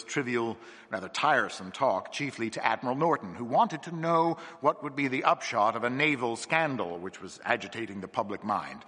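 A man narrates a seance tale in a measured, expressive way, his voice bright and lively in pitch. A slight huskiness sits in his tone. The reading carries a long hall reverb. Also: breathy edge. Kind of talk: scripted narration of a ghost story.

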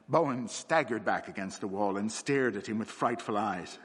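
A man reading a story aloud as narrator, in a measured, unhurried way. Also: fairly low pitch, fairly bright tone, slightly rough. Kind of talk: audiobook-style story reading. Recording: long hall reverb.

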